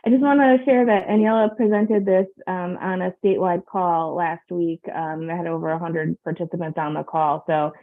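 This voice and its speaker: A woman chairing a public board meeting on a video call, speaking in a measured way with frequent fillers. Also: fairly low pitch, steady tone. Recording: tinny phone-like line.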